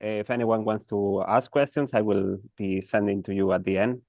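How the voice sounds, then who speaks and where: A man's voice: fairly low pitch, steady tone, moderate pace, creaky, dark tone. A man relays audience questions to the panel, brief and polite. His audio is dull and muffled, and it sounds dry, with no room echo. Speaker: moderator collecting questions. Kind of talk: casual panel conversation.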